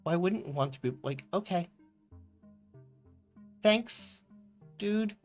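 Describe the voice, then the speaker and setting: A man streaming a text strategy game live, reading its text aloud with playful, quick reactions. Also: sits high, lively intonation, soft background music.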